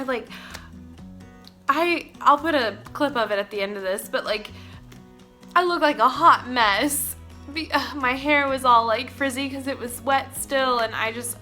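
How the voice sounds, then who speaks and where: A young woman from Oklahoma tells a rambling, excitable story straight to her camera. Her voice sits a touch high with a bright, forward tone. She keeps breaking into little giggles, with faint music underneath. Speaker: vlogger. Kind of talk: casual storytime vlog.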